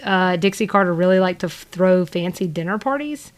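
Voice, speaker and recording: A Southern-accented woman chats on a laid-back podcast she co-hosts, wandering off topic with plenty of fillers and laughs. She speaks fairly quickly in a fairly low, animated voice.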